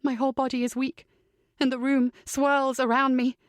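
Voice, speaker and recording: A woman's voice: sits high, level tone, moderate pace, no echo. A woman narrating a first-person psychological thriller audiobook in a tense, dramatic way.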